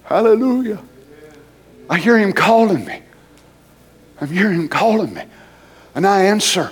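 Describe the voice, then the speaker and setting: A man preaching and praying with fervor, swinging between soft murmured prayer and loud high exclamations. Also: a little fast, long pauses. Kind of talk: emotional sermon and prayer.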